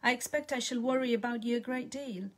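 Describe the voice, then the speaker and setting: A woman reading the part of Alison, a mild, hopeful elderly woman with a soft, earnest way of talking. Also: a little high, brisk, pitched above the performer's own voice, natural voice. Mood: sad.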